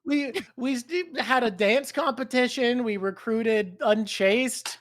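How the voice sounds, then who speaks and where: A man's voice: very high voice, slow pace, a bit bright, no room sound, clean studio sound. A man hosting a live stream, chatting casually, swearing freely and laughing often. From Canada. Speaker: streamer and show host.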